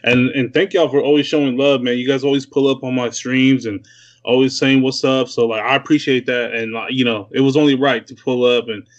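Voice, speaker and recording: A man's voice: mid-range voice, level tone, fairly quick. A young man from Newark, California, guest DJ calling in, chatting casually in a laid-back, slangy way that repeats itself. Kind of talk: casual interview chat. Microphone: remote call from home. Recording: lo-fi remote call audio.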